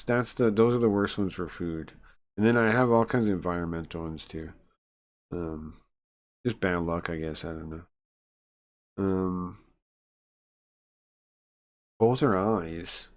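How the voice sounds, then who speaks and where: Rambling man reading a game on stream. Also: fairly low pitch. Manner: rambling, many filler ums, reads game text and chats between. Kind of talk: casual live-stream chat and read-aloud.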